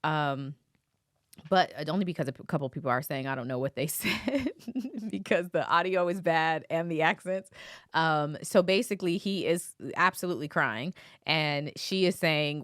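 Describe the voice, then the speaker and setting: A woman with a low voice hosts a podcast, giving casual commentary on a trial. She talks it through in a chatty, thinking-aloud way. The sound is close and dry, with no room echo. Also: normal speed. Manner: conversational, thinks aloud with fillers. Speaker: podcast host.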